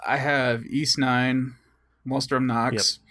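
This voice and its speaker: A man co-hosting a casual gaming podcast, listing titles slowly with fillers. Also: medium pitch, level tone, pushed and bright. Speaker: podcast co-host.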